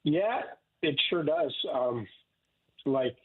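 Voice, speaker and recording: An older man from Canada, a radio guest, talking haltingly with many restarts about living with illness. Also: on the high side, lively intonation, husky. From Saskatchewan, Canada. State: ill with cancer. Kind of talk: emotional interview talk. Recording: tinny phone line.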